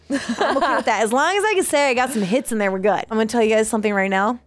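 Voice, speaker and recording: A woman's voice: a little high, expressive, fast talker, dry recording. A woman, co-hosting and telling a long story with lots of laughter and acted-out voices. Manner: acts out voices, frequent laughter. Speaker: co-host. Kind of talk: animated storytelling.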